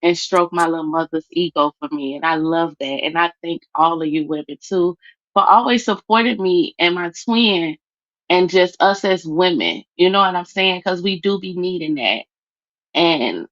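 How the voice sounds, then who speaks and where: A woman's voice: on the low side, moderate pace, a bit bright, no echo. A tearful woman pours out blunt, heartfelt, profane talk on a livestream. Her voice comes through a dull, muffled call line. The sound is dry, with no room around it. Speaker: guest. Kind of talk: casual livestream chat. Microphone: video call.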